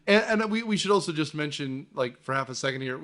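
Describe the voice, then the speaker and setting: A man hosts a casual movie podcast, his voice swinging lively up and down as he recounts scenes. He talks with animated energy and drops the odd swear. His voice sits a little high for a man. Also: quick pace. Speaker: podcast host.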